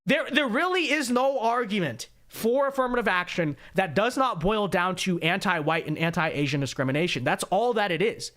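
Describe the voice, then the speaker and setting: A man hosts a political commentary livestream with a fairly high voice. He talks in a sarcastic, mocking way, tossing in joking asides and reading out viewer messages. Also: animated, moderate pace, few pauses, a bit bright. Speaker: host.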